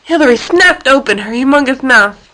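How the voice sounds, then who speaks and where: A woman reading a children's animal story aloud in a lively, expressive way. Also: sits high, normal speed, rough recording.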